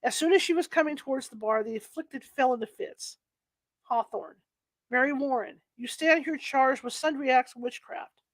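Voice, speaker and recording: A woman's voice: high-pitched, moderate pace, dry recording. A woman reading aloud from a history book, often stumbling and restarting over old-fashioned wording. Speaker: reader.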